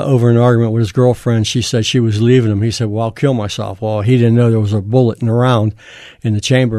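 An older man speaks plainly and haltingly, with many fillers and restarts. His voice sits at an ordinary middle pitch. The sound is dry and close, with no room around it. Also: mellow, no room sound. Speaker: guest. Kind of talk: personal testimony in casual talk.

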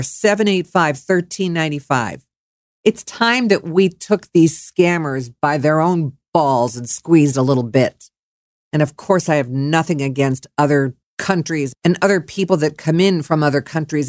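A woman's voice: deep voice, no echo, studio quality. A woman radio host ranting on air, furious, mocking and swearing freely. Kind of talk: angry on-air rant.

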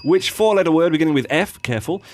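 A man's voice: a little high, fast talker, no room sound. A man hosting a radio show, playfully running a quiz and chatting with a guest. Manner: lively, playful quizmaster. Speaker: radio host.

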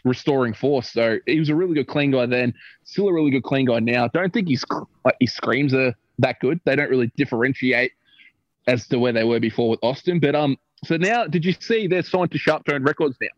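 A man's voice: mid-range voice, a little fast, no echo. Australian male podcast co-host, casual and teasing, slightly dull dry recording. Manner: chatty, teasing, reads out release news. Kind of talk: casual music news chat.

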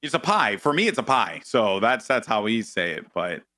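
A man with a New York accent chatting casually as a podcast guest, telling stories and jumping high when he quotes people. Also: normal speed, no room sound, clean studio sound. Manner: animated storyteller, jumps high when quoting people. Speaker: guest, esports and TV commentator.

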